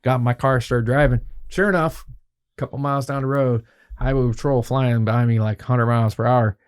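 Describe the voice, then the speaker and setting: A man of ordinary pitch spins a long yarn as a podcast guest. He swears freely and slips into the voices of the people in his story, telling it in a loose, casual way. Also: moderate pace, clear, resonant tone. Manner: animated, profanity-laced, acts out quoted dialogue.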